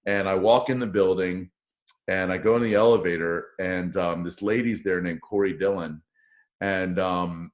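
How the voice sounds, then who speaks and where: Man, radio morning host, very low voice, profane and jokey storyteller, casual interview chat. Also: normal speed. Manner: profane, joking, animated storyteller.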